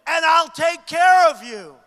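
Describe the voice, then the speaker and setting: A man's voice: expressive, unhurried, sharp tone, full character voice. A man reading aloud the exclaiming lines of a kindly, tender-hearted woman in a poem. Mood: doting. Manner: exclaiming, doting. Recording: booming reverb of a big arena.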